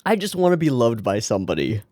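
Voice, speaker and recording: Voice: mid-range voice, big pitch swings, fast, a little mellow, no echo, clean studio sound. A young adult anime reaction host giving casual, joking commentary, swearing freely and laughing often.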